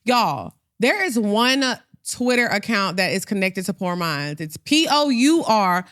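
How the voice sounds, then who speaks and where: A woman's voice: medium pitch, measured pace. A woman co-hosting a podcast in casual chat, addressing listeners directly with announcements. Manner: animated, plugging the show to listeners. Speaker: podcast co-host.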